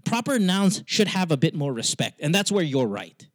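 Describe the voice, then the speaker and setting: Animated Filipino man hosting a podcast. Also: fairly high pitch, normal speed, no echo. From Philippines. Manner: animated, swears freely, mixes in Tagalog. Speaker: podcast host. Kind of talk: casual chat.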